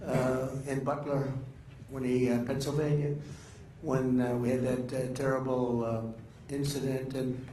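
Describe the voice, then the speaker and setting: An older man speaks off the cuff to a gathering, wandering from story to story, bragging and breaking off mid-thought with frequent uhs. His voice sits at an ordinary pitch. The room is echoey, with a faint hum of background noise. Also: level tone, unhurried, dark tone. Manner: meandering, boastful, trails off mid-sentence with many uhs. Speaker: speaker addressing a political gathering. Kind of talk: rambling off-the-cuff speech.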